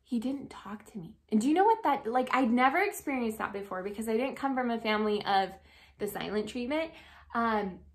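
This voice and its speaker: A young woman giving relationship advice as a life coach, chatty and animated, full of "like" and "um". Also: on the high side, brisk. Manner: chatty, frequent "like" and "um", animated storytelling. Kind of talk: casual advice talk to camera.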